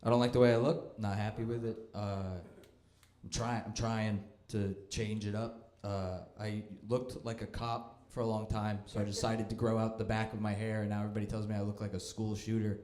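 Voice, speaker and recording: A man's voice: fairly low pitch, flat delivery, moderate pace, darkish tone. A young man doing a stand-up comedy set, with a dry, self-deprecating and mocking delivery. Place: comedy club stage. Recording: echoey club room.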